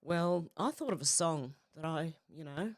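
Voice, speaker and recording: Lively emotional woman streamer. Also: low-pitched, a little slow, no room sound, clean studio sound. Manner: emotional, breaks into soft singing. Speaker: live stream host. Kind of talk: casual live stream chat.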